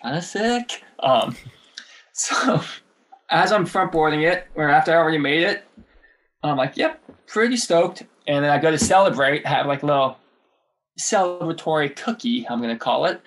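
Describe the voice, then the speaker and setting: A man's voice: fairly high pitch, expressive, moderate pace, a bit bright. Rambling, laughing man telling skate stories. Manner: rambling, laughing, swears freely. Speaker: guest skateboarder. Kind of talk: casual storytelling interview.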